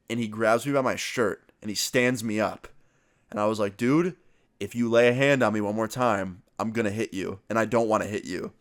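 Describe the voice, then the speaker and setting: A young man casually retelling a school story as a vlogger, swearing freely and acting out both sides of the conversation. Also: fairly low pitch. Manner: casual, profane, animated retelling. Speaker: youtuber. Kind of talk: storytime vlog.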